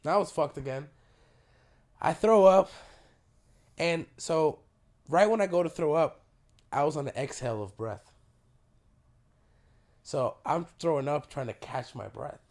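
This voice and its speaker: A man hosting a podcast, telling a story in a casual, animated way, swearing freely, his voice worn by a sore throat. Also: a little high, measured pace, long pauses. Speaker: podcast host. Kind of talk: casual chat.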